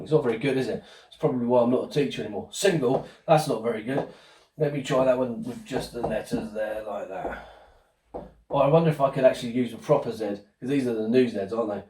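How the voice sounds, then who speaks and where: A man presents a home-school lesson with a child, cheerfully asking coaxing questions. His voice is mid-range and a little mellow, and the sound is roomy, as if recorded from a distance.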